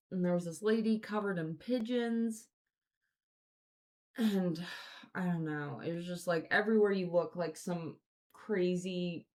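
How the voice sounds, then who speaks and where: A woman hosting a podcast, telling stories in a casual, rambling way full of swearing and fillers. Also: fairly low pitch. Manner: rambling, profane, filler-heavy. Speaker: podcast host. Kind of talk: casual storytelling chat.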